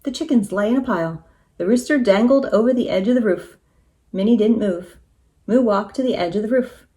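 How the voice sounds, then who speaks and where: A woman teacher reading a children's storybook aloud in an expressive, animated way. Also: medium pitch, brisk.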